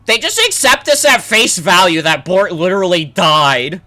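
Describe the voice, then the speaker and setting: A woman streaming a game, ranting loudly with lots of swearing and "like" fillers. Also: lowish voice, sing-song, moderate pace. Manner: profane, loud, lots of "like" fillers. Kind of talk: ranting let's-play commentary.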